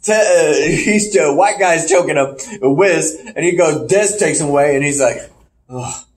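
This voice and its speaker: A man's voice: on the high side, moderate pace. A man hosting a podcast, casually recapping wrestling shows and acting out the wrestlers in put-on voices. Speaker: podcast host.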